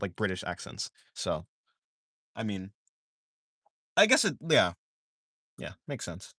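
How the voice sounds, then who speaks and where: Rambling man with a lively voice. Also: medium pitch, no echo, clean studio sound. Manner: rambling, full of "like" fillers and self-corrections; reads viewer questions aloud and answers them. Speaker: art streamer chatting with viewers. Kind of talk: casual livestream chat.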